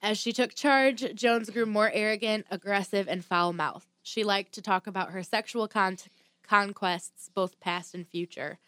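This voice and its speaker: A woman's voice: medium pitch, unhurried, fairly bright tone, dry recording. A woman hosting a casual chat and telling a true crime story from notes, with blunt asides and the odd swear word.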